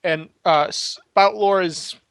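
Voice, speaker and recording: A man's voice: sits high, slow, creaky, a bit bright, clear, resonant tone, no echo. A man playing a tabletop game, with theatrical, melodramatic outbursts. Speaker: player.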